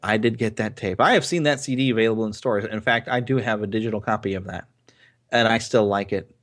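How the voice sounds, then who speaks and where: A man co-hosting a casual podcast, playful and quick to laugh, often acting out quotes. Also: fairly low pitch, fairly bright tone. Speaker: podcast co-host. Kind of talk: casual chat.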